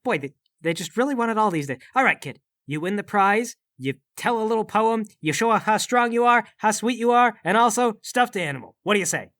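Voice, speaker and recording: A man playing a tabletop game, talking fast and wheedling with stammers. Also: high voice, lively intonation, a bit bright, no echo, clean studio sound. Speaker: player. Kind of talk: tabletop role-play.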